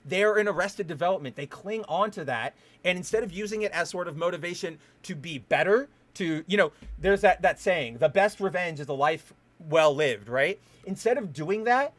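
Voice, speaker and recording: Male podcast host on a fired-up solo rant; a touch high, swears freely, trips over restarts. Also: fairly bright tone. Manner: heated, profane ranting with frequent restarts.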